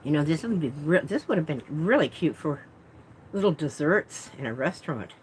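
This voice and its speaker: A woman's voice: low voice, animated, moderate pace, a little mellow, slight background noise, rough recording. A woman vlogging as she unboxes art supplies, chatting and rambling with self-deprecating asides. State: talking with mouth full. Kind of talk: casual unboxing chat.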